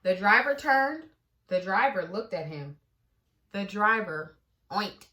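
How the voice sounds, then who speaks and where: A woman narrating a children's storybook aloud with expressive reading. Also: mid-range voice, slow. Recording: echoey room.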